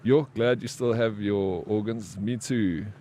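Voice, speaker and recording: A man's voice: on the low side, measured pace. A man chatting on a live game stream, telling stories casually with slang and swearing, acting out the people in them. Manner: animated storyteller acting out quoted people.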